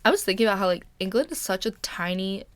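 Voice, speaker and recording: Young female co-host, casual chat, smooth clear voice, dry close sound, giggly rambler. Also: medium pitch, quick pace, dry recording. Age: young adult. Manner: giggly, rambling, full of likes. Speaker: podcast co-host.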